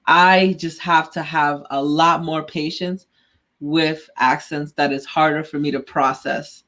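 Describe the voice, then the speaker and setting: A woman co-hosting a tech podcast in casual chat, talkative and quick to laugh, acting out the lines she quotes when telling a story. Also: sits low, steady tone, fairly bright tone. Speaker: podcast co-host.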